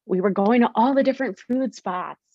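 A woman's voice: a little high, fairly quick, slightly rough, no echo, highs cut off. A young woman, a podcast guest, candidly telling her story and acting out her past self in quoted lines.

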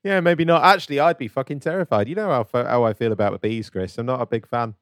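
A man's voice: mid-range voice, fast talker, no echo, clean studio sound. A man co-hosting a comedic podcast chat, asking rambling, incredulous questions and laughing often.

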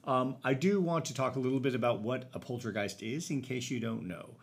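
A man's voice: medium pitch, a little fast, creaky, husky. A man co-hosting a podcast in casual chat, with dry, teasing quips. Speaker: podcast co-host and teacher.

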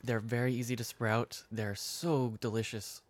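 A man, a farmer guest on a podcast, explaining eagerly with some halting restarts. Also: mid-range voice, level tone, no echo. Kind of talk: casual podcast chat.

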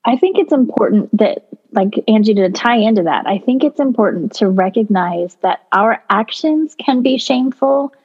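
A woman's voice: fairly high pitch, expressive, normal speed, darkish tone, husky, dull audio. A woman on a Christian talk show, speaking with heartfelt emphasis and building repeated phrases. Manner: emotional, repetitive, emphatic. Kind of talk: heartfelt faith discussion.

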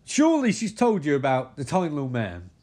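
Cocky foul-mouthed boyfriend put on by a guy, swaggering, pitch jumps way up when he yells. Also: wildly swooping pitch, brisk. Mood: needling. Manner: swaggering, crude bravado. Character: brash macho young man boyfriend.

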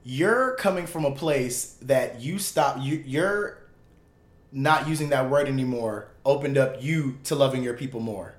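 A man's voice: medium pitch, a little slow. Argumentative, cursing man in an echoey room. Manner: argumentative, profane, laughing. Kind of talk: casual chat, debate.

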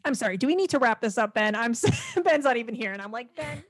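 A woman with a slightly high voice chats away animatedly on a podcast, laughing often and tripping over fillers and restarts. The recording is close and dry, with no room sound. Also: sing-song, quick pace, slightly rough, dry recording. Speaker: podcast guest. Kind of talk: casual podcast chat.

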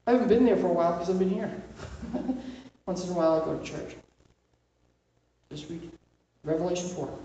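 A woman's voice: lowish voice, mellow. Woman teaching scripture in an echoey room. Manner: emphatic, asks rhetorical questions, slows and rises on key points. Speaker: Bible teacher. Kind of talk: informal Bible teaching. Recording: very echoey room, distant mic.

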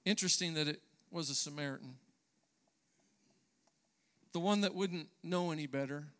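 A man's voice: on the high side, normal speed, a bit bright. A man preaching a sermon in church, earnest and emphatic, sometimes restarting his phrases. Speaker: pastor.

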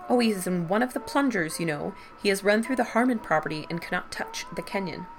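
A woman's voice: medium pitch, wildly swooping pitch, quick pace. A woman reading a fussing, gossipy brother. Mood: gossiping. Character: man, the narrator's concerned brother.

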